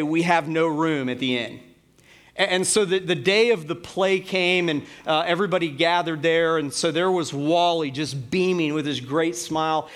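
A middle-aged pastor preaching to his church in a loose, conversational way, leaning on "um" and "like" as he tells a story. His speaking voice sits somewhat high for a man. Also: a bit bright. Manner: conversational, many fillers like "like" and "um". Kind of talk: sermon with storytelling.

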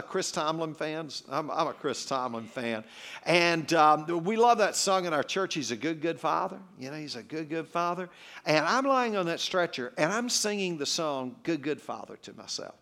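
A man preaching as a guest speaker, telling a personal story with humor in an animated way. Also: on the high side.

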